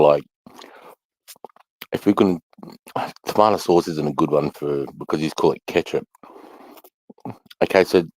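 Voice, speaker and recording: A man's voice: a bass voice, a little mellow, no room sound, low-quality recording. A middle-aged Australian man rambling casually to camera, swearing freely and sighing between thoughts. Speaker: vlogger.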